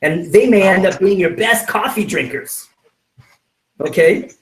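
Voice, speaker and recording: Speaking at a measured pace with a high voice, this man gives a motivational sales training session from his home office as a network marketing trainer. His style is lively, with small acted-out scenes and constant "right?" check-ins, captured on a distant mic with roomy sound.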